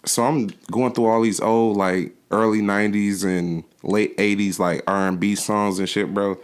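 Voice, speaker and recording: Deep dude chatting loose on a podcast, lots of slang and cussing. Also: male voice, fairly even intonation, moderate pace, clean tone. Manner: laid-back slangy banter, frequent profanity. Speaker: podcast co-host. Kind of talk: casual chat.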